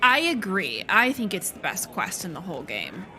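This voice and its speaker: A woman's voice: medium pitch, very animated, moderate pace, sharp tone, slight background noise. A woman streaming a game, chatting casually with joking asides. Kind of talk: casual gameplay commentary.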